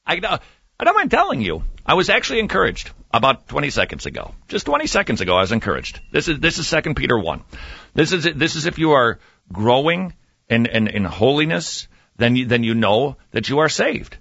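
A man hosting a Christian talk radio show, jokey and animated, swinging between loud bursts and muttered asides. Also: medium pitch, brisk, vocal fry, breathy edge, no echo, highs cut off. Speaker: radio host. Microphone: studio desk mic.

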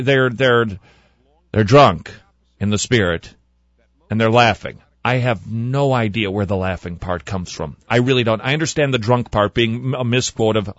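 A man hosting a radio talk show, commenting sarcastically on sermon clips and swinging between loud remarks and hushed asides. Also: medium pitch, no echo, highs cut off.

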